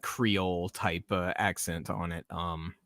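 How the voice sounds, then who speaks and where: A man's voice: low voice, flat delivery, slow pace, a bit bright. A man from the American South hosting a casual live podcast stream, rambling, laughing often and reading chat comments aloud. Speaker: podcast host.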